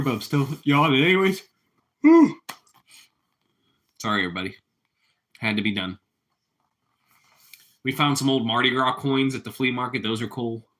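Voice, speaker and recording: A man's voice: on the low side, sharp tone. A man hosting a casual live stream, rambling easily as he chats with viewers and his cat. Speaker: livestream host.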